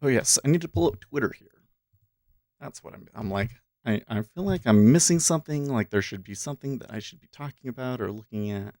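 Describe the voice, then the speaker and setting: Speaking fairly quickly in a slightly mellow, medium-pitched voice, this day trader runs a livestream and talks straight to his audience from his desk microphone. He muses aloud between remarks, and the dry recording has studio quality.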